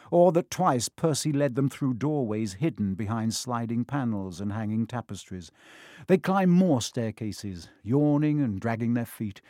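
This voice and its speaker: A man narrating a children's fantasy novel in a steady, expressive audiobook reading. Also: mid-range voice, no room sound, studio quality.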